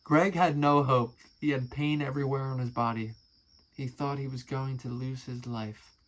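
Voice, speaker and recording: A man's voice: mid-range voice, fairly even intonation, normal speed, rough recording. A man casually reading aloud and commenting, amused and chatty, swearing now and then. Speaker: musician and video creator.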